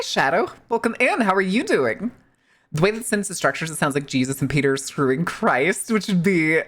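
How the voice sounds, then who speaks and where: Lady streamer from the midwest, lower voice, joking with chat, swears plenty. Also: a bit bright. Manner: chatty, joking, swears freely, reads chat aloud. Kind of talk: casual live-stream chat.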